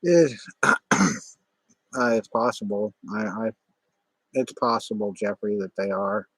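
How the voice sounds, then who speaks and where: A middle-aged man rambling on a livestream, halting and irritable, with many restarts. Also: fairly low pitch, a bit bright, no room sound. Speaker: livestream host. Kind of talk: casual livestream monologue.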